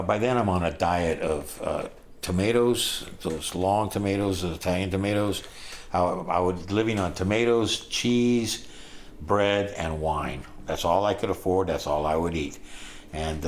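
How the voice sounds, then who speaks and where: A man in his sixties telling stories about his travels in a casual, animated way, acting out the people he met and breaking into loud excitement. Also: on the low side, slight background noise. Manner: animated, acts out voices, bursts of loud excitement. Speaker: storyteller recalling his travels. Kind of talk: casual spoken storytelling.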